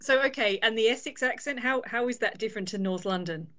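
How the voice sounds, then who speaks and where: A woman's voice: fairly high pitch, fast, fairly bright tone. A woman hosting a podcast on a video call, friendly and asking questions with frequent laughs. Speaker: podcast host. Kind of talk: casual interview chat.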